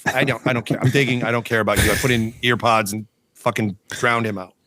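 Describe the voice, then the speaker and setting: A man's voice: medium pitch, fairly even intonation, fast, fairly bright tone. A man co-hosting a podcast, telling a long story in casual chat, swearing often and breaking into laughter. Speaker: podcast co-host.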